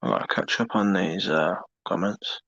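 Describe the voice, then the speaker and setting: A man with a Birmingham accent chatting casually on a late-night live stream, rambling and halting with lots of fillers. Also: low-pitched, gravelly, fairly bright tone, dry recording, dull audio.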